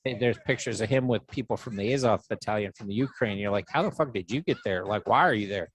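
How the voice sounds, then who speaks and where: A man's voice: lowish voice, fast talker, a little hiss or hum, poor audio. A man hosting a comedy podcast, sarcastic and profane, laughing often as he banters with his guests. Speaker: podcast host.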